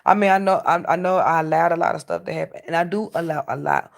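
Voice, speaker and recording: A woman's voice: lowish voice, fairly even intonation, fast talker. A woman in a casual vlog monologue, ranting and preaching with plenty of profanity. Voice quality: gravelly. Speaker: vlogger.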